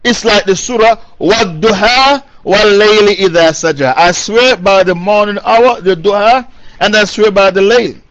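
Guy preaching a quran commentary, highish voice, recites arabic then explains, repeats stuff for emphasis, muffled old recording. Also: normal speed, fairly bright tone. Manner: emphatic, repeats key phrases. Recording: dull lo-fi recording.

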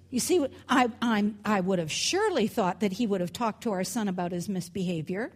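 A woman's voice: mid-range voice, animated, a little fast, few pauses. A woman teaching a Bible lesson in a conversational way, with chatty asides. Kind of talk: scripture teaching talk.

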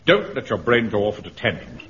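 An actor playing a pompous middle-aged officer in charge, patient but exasperated, in a radio comedy. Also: male voice, fairly low pitch, big pitch swings, brisk, a bit bright. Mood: stern. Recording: dull old radio broadcast with faint hiss.

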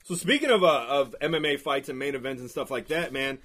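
A man's voice: mid-range voice, expressive, brisk, a bit bright. A man co-hosting a podcast in casual chat, chiming in briefly and sometimes searching for words. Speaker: podcast co-host.

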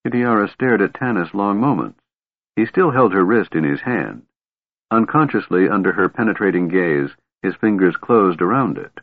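A man's voice: low-pitched, expressive, normal speed, no echo. A man narrating a fantasy novel as an audiobook, with dramatic storytelling. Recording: tinny, narrow band.

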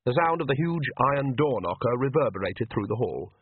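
A man narrating an audiobook in a measured, expressive storytelling manner, heard as tinny phone-like audio. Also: mid-range voice, husky.

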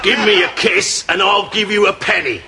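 An actor playing a rough sailor who wheedles in a childlike way, with studio audience laughter. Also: male voice, sits high, moderate pace, heavy background noise. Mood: wheedling. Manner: gravelly, wheedling. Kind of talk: sitcom acting.

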